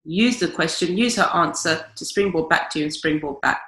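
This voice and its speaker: Blunt, bright-voiced woman in her forties. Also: deep voice, fairly quick. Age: 40s. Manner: blunt, emphatic, swears freely. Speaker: dating coach. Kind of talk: podcast guest giving advice. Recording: echoey room.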